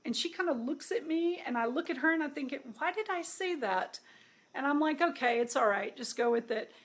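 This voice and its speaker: A middle-aged woman, a healer, telling a personal story casually and acting out the dialogue with lively quotes. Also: high-pitched, brisk. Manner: animated, acts out quoted dialogue. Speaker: intuitive healer.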